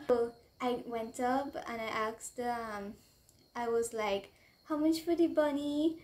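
A young woman from Trinidad with a Trinidadian accent, telling a rambling, excitable storytime to camera and slipping into local dialect. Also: a little high, slow pace. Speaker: vlogger. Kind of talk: casual storytime chat to camera.

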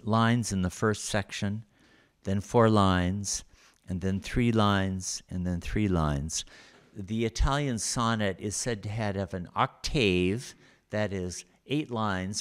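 A man with a fairly low voice gives a recorded lecture, talking through slides one point at a time. He speaks slowly and patiently, with many pauses between phrases. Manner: unhurried, explanatory, with frequent pauses.

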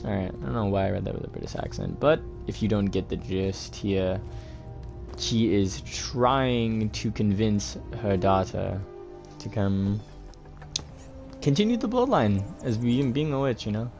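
Laid-back young man narrating a playthrough, low gravelly voice, game music behind. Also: animated, a little slow. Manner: laid-back, chatty, talks to the viewer. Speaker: gaming host. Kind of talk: casual gameplay commentary.

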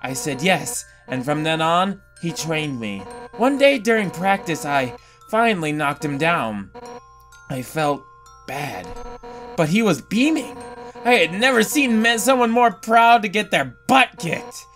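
A let's-play gamer voicing a hot-headed fish-monster woman who captains the royal guard, gruff and blunt, slipping into awkward confiding. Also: medium pitch, sing-song, unhurried, fairly bright tone, soft background music. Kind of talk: reading game dialogue aloud.

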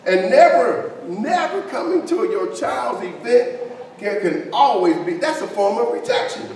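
A man preaches slowly in a high voice, loose and conversational, breaking off to joke with his congregation. The mic sits far back in a big, echoing church hall with a long reverb tail. A faint hiss runs underneath. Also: expressive, darkish tone. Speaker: pastor. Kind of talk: sermon.

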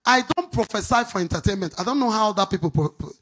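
A woman's voice: mid-range voice, expressive. A woman pastor with a Nigerian accent, preaching a sermon in a sing-song way and quizzing the congregation for answers. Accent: Nigerian English. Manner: emphatic, drawn-out stressed words. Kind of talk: preaching sermon with call-and-response.

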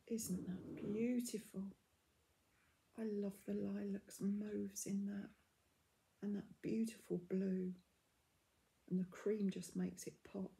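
A middle-aged woman in a casual unboxing vlog, gushing and often dropping into soft half-whispers as she reads out labels. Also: medium pitch, creaky. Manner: reads out yarn labels in a steady list. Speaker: craft vlogger.

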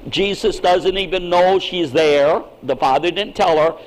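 A man's voice: high voice, measured pace, rough recording. Emphatic man preaching a sermon. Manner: emphatic preaching, swings from quiet to shouting. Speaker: pastor.

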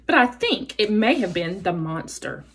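A woman's voice: very animated, moderate pace, fairly bright tone, breathy edge. A woman voicing a fussy, fearful male owl who hoots and screeches in a storybook reading. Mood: alarmed. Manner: hooting, screeching, shrill.

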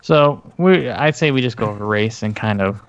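A man's voice: fairly low pitch, expressive, normal speed, dull audio. A man co-hosting a casual podcast about tabletop games, talking in a rambling, hesitant way with many fillers. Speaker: podcast co-host.

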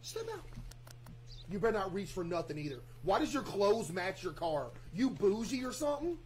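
A man streaming games to a live chat, barking loud commands and then muttering low asides to his viewers. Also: expressive, brisk, a little hiss or hum. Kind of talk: live game-stream chatter.

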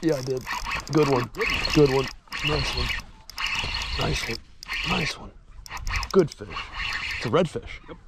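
A young man vlogging from a fishing boat outdoors, excited and slangy, laughing often as he talks. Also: medium pitch, measured pace, pauses often, very noisy. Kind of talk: excited outdoor vlog chat. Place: boat on open water outdoors.

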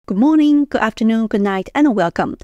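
A woman's voice: a little high, expressive, dark tone, no echo, lo-fi sound. Woman teaching pronunciation, dry close sound. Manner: explains in short phrases, repeating example words slowly. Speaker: Mandarin teacher. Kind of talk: pronunciation lesson.

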